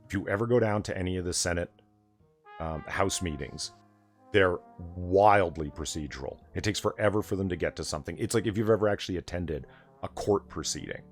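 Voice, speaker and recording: Deep-voiced man ranting late at night. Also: fairly quick, soft background music. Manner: ranting, profane and sardonic. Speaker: host. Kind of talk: late-night casual chat.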